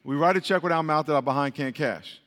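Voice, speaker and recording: A man preaching with a slightly high voice, drilling his congregation in call-and-response and firing off repeated prompts. His voice rings out in a hall with a long reverb. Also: fast, fairly bright tone.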